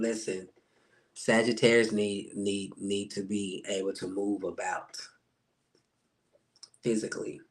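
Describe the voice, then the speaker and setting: A man working as a spiritual life coach, talking casually about astrology on a live stream, answering viewers by name and acting out quoted reactions. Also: lowish voice.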